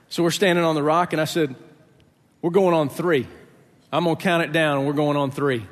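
A middle-aged man preaching a sermon, telling a story in lively fashion, acting out the voices and laughing along. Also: on the high side, a little fast, big-room sound. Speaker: pastor.

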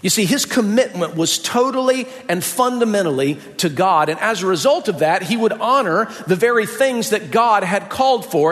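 A man from the US South preaching a sermon as pastor, folksy and lively, joking about his own mother. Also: high voice. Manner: animated, folksy, jokes about his mom with playful impressions. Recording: long hall reverb.

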